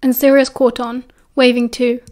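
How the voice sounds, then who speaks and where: High-voiced British woman reading aloud. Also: flat delivery, moderate pace, a little mellow. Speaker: audiobook reader. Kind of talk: fan audiobook narration.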